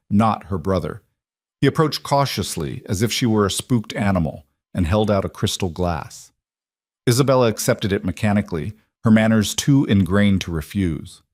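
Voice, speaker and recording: A man narrating a scripted romance story in an even, measured way. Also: on the low side, no echo, clean studio sound.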